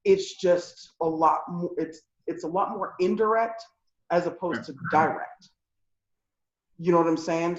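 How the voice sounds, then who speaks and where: A woman co-hosting a podcast, talking bluntly and profanely in casual chat. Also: low-pitched. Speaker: podcast co-host. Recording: echoey, dull lo-fi room sound.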